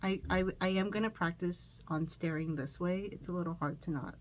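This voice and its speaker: A woman's voice: on the low side, normal speed, darkish tone, slight background noise, rough recording. A woman chatting while doing her makeup at home, recording on her phone. She rambles with lots of fillers, sounds a bit nervous, and is sniffling from allergies. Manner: rambling and self-conscious, with many fillers and restarts. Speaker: makeup vlogger. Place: room at home.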